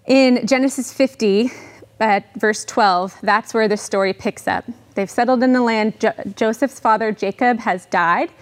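A woman delivers a sermon to her congregation, reading scripture aloud and then explaining it. Her voice sits at an ordinary middle pitch, and her delivery stays relaxed and conversational. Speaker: preacher.

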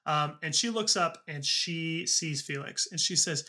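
A man narrating as game master of a tabletop game, halting with frequent ums and uhs. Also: fairly high pitch, bright, forceful tone.

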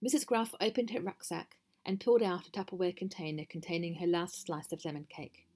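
Wry woman reading a story, lowish voice. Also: fairly even intonation, fairly quick, a little mellow. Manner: dry and wry. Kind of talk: storybook narration.

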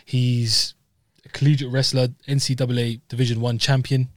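A man's voice: medium pitch, level tone, moderate pace, no echo. A man with a British accent co-hosting a fight podcast in casual chat, full of fillers. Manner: chatty, lots of fillers and "you know what I mean". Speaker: podcast co-host.

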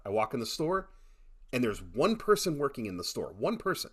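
A middle-aged man chatting casually on a podcast, telling animated stories with many repeated starts. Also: medium pitch, fairly quick, slightly rough. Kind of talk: casual chat.

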